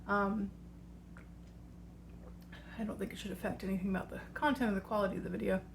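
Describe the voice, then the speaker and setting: Breathless and speaking fairly quickly, a tarot coach hosts her channel with a medium-pitched, steady, creaky voice. She walks viewers casually through a tarot practice in a chatty, meandering style, with a bit of background noise.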